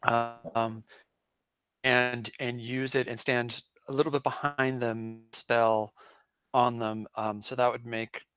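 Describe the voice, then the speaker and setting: A man's voice: mid-range voice, flat delivery, slow pace, fairly bright tone. A man playing a tabletop game, thinking aloud in an unsure way about his character's plan. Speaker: player. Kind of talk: casual game talk.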